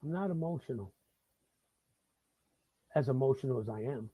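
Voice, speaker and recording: A man's voice: mid-range voice, animated, moderate pace, warm tone, breathy edge, dry recording. A middle-aged man from the Bronx with a New York accent, hosting a live talk-show monologue, swearing freely and repeating himself in heated bursts. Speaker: host.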